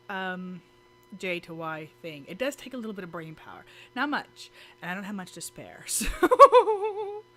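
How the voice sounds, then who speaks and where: Talking to camera in a relaxed vlog, this American woman with kids giggles and chats, often restarting and using fillers. Her mid-range voice sounds a bit bright through the camera mic, with slight background noise.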